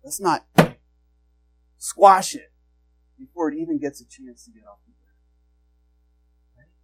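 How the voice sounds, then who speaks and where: A man preaching a sermon, earnest and urging. His voice sits a little higher than most men's, and he keeps turning to the congregation with questions. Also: unhurried, a bit bright, a little hiss or hum, poor audio. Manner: earnest, exhorting, rhetorical questions. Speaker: pastor.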